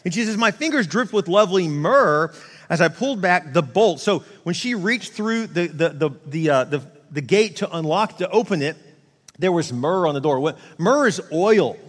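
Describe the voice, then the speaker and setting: A man preaching a sermon, his voice sitting high for a man. He talks casually and conversationally, stumbling into restarts and slipping into quoted asides. The sound carries a long reverb, as if from a large church hall. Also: lively intonation, normal speed. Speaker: pastor.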